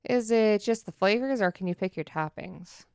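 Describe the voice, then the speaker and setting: With a smooth, mid-range voice touched by vocal fry, a woman co-hosting a casual podcast speaks at normal speed, animatedly telling stories and acting out quotes. A studio dynamic mic captures clean studio sound without echo.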